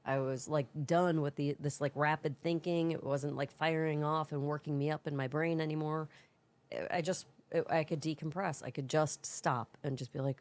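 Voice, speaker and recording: A woman's voice: sits low, fairly even intonation, moderate pace, a little mellow. A woman co-hosting a podcast, telling a long, rambling story in casual chat. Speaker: podcast co-host.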